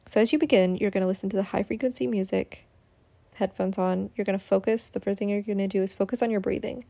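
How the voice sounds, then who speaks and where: Gravelly, mellow woman explaining meditation. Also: medium pitch, steady tone, quick pace. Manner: chatty, guiding listeners step by step with many fillers. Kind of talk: casual instructional talk.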